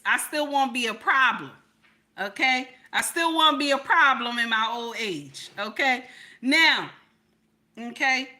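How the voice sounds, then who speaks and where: Loud, bright-voiced woman chatting to her viewers. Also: on the high side, animated, measured pace. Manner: loud, playful, talks back to chat. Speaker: livestream commentary host. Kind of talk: casual livestream commentary.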